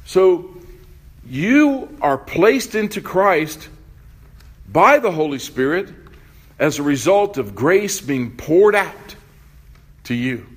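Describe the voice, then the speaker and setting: A man's voice: on the high side, very animated. A male pastor preaching a sermon, asking his congregation questions as he goes. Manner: unhurried, asks the congregation questions.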